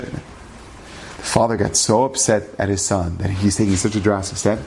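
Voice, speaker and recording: A man's voice: fairly low pitch, fairly even intonation, moderate pace, vocal fry, a little mellow, a little hiss or hum. A man telling a religious story as a lesson, earnest, acting out the dialogue and using Hebrew terms.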